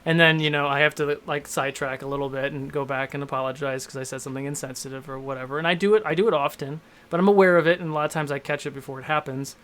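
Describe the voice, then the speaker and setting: A man's voice: a little high, fairly even intonation, rapid-fire, few pauses, a bit bright. A man in his thirties, a game master and show host, talking candidly in a rambling, self-deprecating way in a casual panel discussion.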